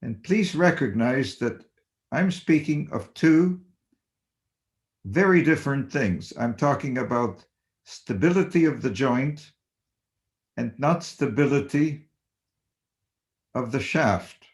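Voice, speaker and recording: An older man, a surgeon, giving a measured, deliberate webinar lecture and stressing basic principles. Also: mid-range voice, expressive. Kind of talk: slow academic lecture. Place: home or office on webinar.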